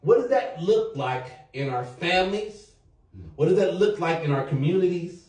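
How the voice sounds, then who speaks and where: A man's voice: high-pitched, normal speed. A man hosting a podcast round-table, talking loosely and jokingly, swearing now and then and leading the group in call-and-response. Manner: animated, jokey, swears freely, leads chants. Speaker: podcast host. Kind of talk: casual round-table talk. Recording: roomy echo, distant mic.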